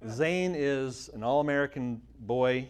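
A man's voice: medium pitch, unhurried, clean tone. A man in his thirties from Canada, giving a casual church talk with a humorous, self-deprecating manner and sounding tired. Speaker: church speaker and magazine editor. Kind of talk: casual sermon talk with prayer.

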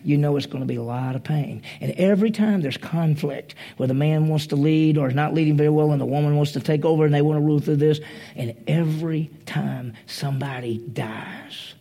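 A man's voice: on the high side, fairly quick, creaky, warm tone. A man preaching a conversational sermon, acting out the quoted voices as he retells a story.

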